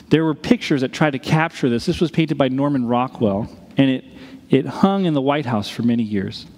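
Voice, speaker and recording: A man preaching a sermon as a pastor, telling a story with dramatic pauses. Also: mid-range voice, darkish tone, big-room sound.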